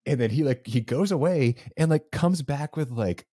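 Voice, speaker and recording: Telling a race story on a podcast he co-hosts, a young Southern US man rambles casually with plenty of fillers. He speaks at a moderate pace in a mellow, mid-range voice with a breathy edge and lively intonation, recorded cleanly in a studio with no echo.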